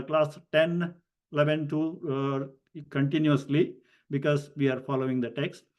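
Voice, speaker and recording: Man, grammar teacher, slightly high voice, slow deliberate explaining, spells out syllables. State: coughing at times. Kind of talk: online class lecture.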